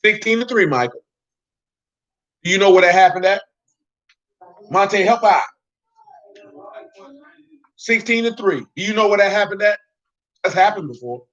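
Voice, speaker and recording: A man's voice: sits high, lively intonation, unhurried, long pauses, a bit bright, lo-fi sound. A man teaching an informal Bible study, talking in slang and quizzing listeners by name. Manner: slangy, street-talk preaching.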